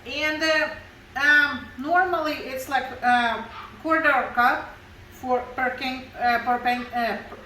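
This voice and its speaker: A woman's voice: sits high, fairly even intonation, slow, pushed and bright, echoey room, slight background noise, low-quality recording. A woman from Russia with a Russian accent, chatting her way through a home cooking demonstration in her kitchen, explaining each step in broken English. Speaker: cooking show host.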